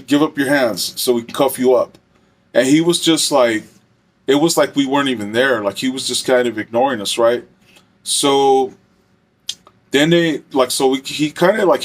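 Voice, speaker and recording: Rambling man telling a work story. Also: medium pitch. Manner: rambling, full of "like" and "you know". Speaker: former correctional officer telling a story. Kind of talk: casual storytelling.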